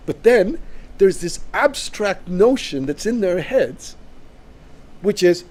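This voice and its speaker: Co-host type: man from Canada, high, mellow voice, emphatic and repetitive in argument. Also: animated, a little slow. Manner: emphatic, repeats himself while building a point. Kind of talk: casual discussion.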